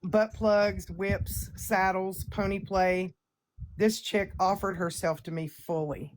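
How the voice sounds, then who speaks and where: A woman's voice: medium pitch, fairly even intonation, slow, slight background noise. A woman hosting a livestream chat, brash and profane, boasting and ranting in a casual way. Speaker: livestream host.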